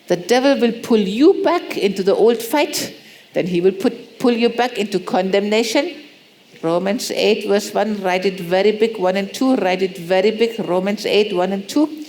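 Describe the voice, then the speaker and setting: A woman preaching a sermon, pressing points with repeated rhetorical questions and acting out soft prayers. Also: mid-range voice, normal speed. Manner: acts out prayers in soft pleading tones.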